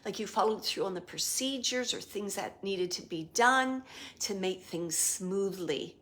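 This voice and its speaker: Slow, soft-spoken woman giving a psychic reading. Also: mid-range voice. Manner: soft, halting, searching, drops to a whisper. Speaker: psychic medium. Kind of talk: live spirit reading.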